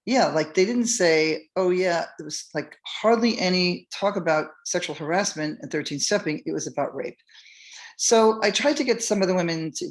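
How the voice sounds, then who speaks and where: Her low-pitched, expressive voice moves at a normal speed as this middle-aged podcast host recounts something that happened to her. The telling is casual and meandering, packed with fillers, false starts, and impressions of what others said.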